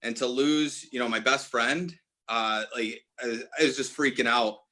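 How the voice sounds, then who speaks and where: A man in his forties who owns an apparel brand tells a personal story as a podcast guest. He's earnest and often restarts and corrects himself, his mid-range voice sharp at a moderate pace.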